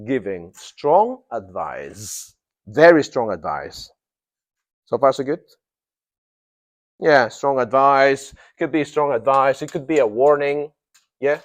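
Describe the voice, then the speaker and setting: In a mid-range voice, a man leads a class through English grammar, questioning the students and slowly repeating the key phrases.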